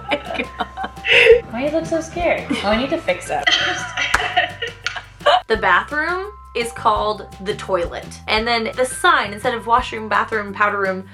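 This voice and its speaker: Young woman vlogger from Canada, lively and sarcastic, laughs a lot, somewhat high, bright voice, faint music behind. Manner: animated, laughs often, sarcastic asides. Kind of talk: casual comedic vlog.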